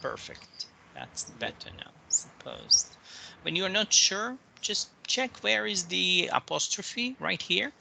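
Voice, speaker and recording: Man, English tutor, patient step-by-step explanations, very slow, gravelly, bright and tense tone, video call. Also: high voice, very animated, slight background noise, poor audio. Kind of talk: online one-to-one pronunciation lesson.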